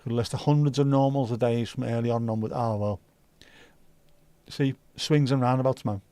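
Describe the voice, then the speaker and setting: Male host, mid-pitched, easygoing and sweary, dry sound. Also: steady tone, moderate pace, mellow, smooth, dry recording. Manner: laid-back, sweary banter. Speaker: livestream host. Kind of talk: casual chat reading viewer comments.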